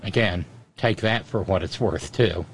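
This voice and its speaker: A man's voice: deep voice, unhurried, vocal fry, a little hiss or hum. Sardonic rambling male show host. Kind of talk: casual commentary reading chat.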